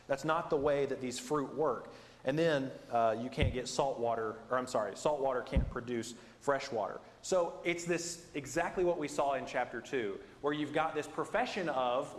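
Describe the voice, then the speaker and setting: A man teaching a Bible class in a conversational, self-deprecating, animated way. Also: medium pitch. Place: church building. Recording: echoey hall with long reverb.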